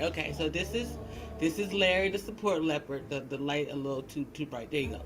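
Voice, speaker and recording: A woman hosting a casual livestream. She chats in an animated, teasing way, laughs often, and restarts her sentences a lot. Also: low-pitched, brisk, low-quality recording. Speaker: livestream host.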